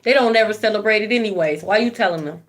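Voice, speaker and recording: A woman's voice: medium pitch, fast talker. A woman giving a spiritual card reading, blunt and profane, preaching and repeating phrases for emphasis. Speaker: tarot card reader.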